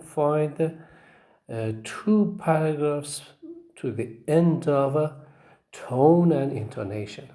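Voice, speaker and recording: A man with an Arabic accent gives a lecture at a slow, unhurried pace. His voice sits at an ordinary middle pitch, and he halts, repeats himself and keeps asking "okay?". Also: a little mellow. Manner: slow, halting, repeats words with many fillers; frequent checks of "okay?". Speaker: teacher.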